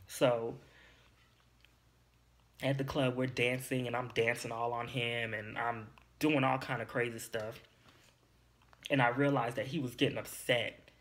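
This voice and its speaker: A man's voice: mid-range voice, steady tone, a little slow, long pauses, a bit bright. A young man speaks in a candid, confiding way, like a podcast host telling his own story. His telling is emotional and a little teary, with plain, casual phrasing.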